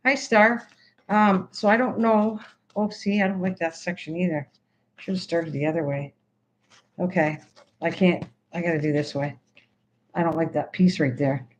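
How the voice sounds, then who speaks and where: A woman's voice: lowish voice, fairly even intonation, normal speed, long pauses, a little hiss or hum. An older woman hosting a crafting livestream. She chats casually with viewers, rambling and restarting her sentences as she works. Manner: chatty, rambling, stops mid-sentence and restarts.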